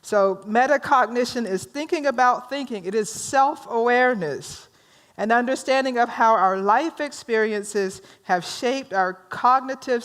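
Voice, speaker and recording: A woman from rural North Carolina leads a workshop in her Southern drawl. Her voice sits a touch high. She teaches conversationally, stops to check in with the room and teases her listeners. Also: fairly bright tone. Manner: conversational, teasing the audience, asks them questions. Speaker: minister leading a workshop.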